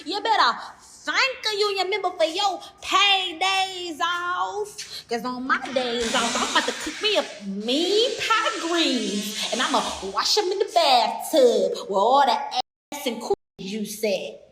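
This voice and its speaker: A woman performing a mocking parody skit with a drawn-out delivery. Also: very high voice, animated, fairly bright tone, slight background noise, full character voice. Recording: echoey room.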